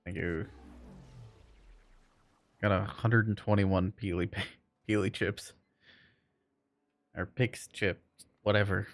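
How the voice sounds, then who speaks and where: A man's voice: lowish voice, steady tone, slow pace, pauses often, no echo. A man streaming a game, chatting casually with viewers in a laid-back, joking way and chuckling often. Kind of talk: casual chat while playing and reading chat.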